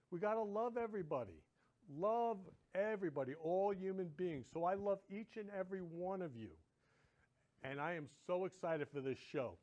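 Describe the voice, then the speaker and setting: A man's voice: high-pitched, animated, normal speed, a little mellow, muffled recording. A middle-aged man hosting his own show, talking to viewers in a gushing, effusive and repetitive way. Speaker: host. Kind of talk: casual monologue to viewers.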